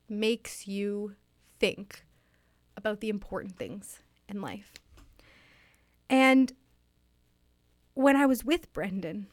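A woman in an improvised comedy interview, earnest and wistful, halting with many restarts, speaking into a studio microphone. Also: mid-range voice, no room sound. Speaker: interviewee playing a fictional author.

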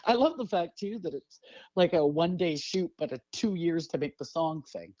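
Joking, laughing radio host, fairly high voice, dry close muffled sound. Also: animated, moderate pace, warm tone, no room sound. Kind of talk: radio interview.

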